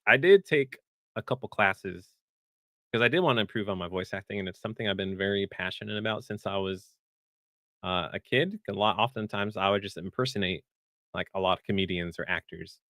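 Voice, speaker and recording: Podcast host, man, lowish voice, eager and rambling, close dry mic. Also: brisk, fairly bright tone, no echo. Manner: enthusiastic, rambling storyteller. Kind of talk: casual panel chat.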